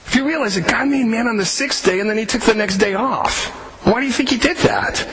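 A man preaching a casual, conversational sermon, animated and joking, sometimes tripping over repeated words. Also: sits high, fast. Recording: roomy echo with faint hiss.

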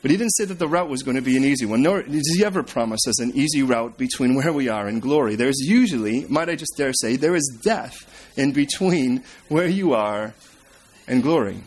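A man preaching a sermon, retelling scripture as a story and swinging between emphatic and hushed delivery. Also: medium pitch, animated, a little fast, breathy edge. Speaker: pastor.

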